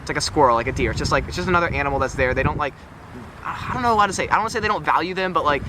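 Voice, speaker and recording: A man's voice: fairly high pitch, very fast. A young man from Texas chatting casually to camera as a travel vlogger, full of "like" fillers. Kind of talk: casual vlog talk to camera. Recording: outdoor noise, boats and traffic behind.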